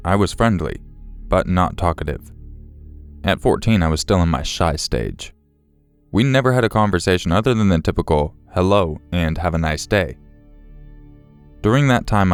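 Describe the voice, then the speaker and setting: Deep-voiced male horror story narrator. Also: smooth, no echo.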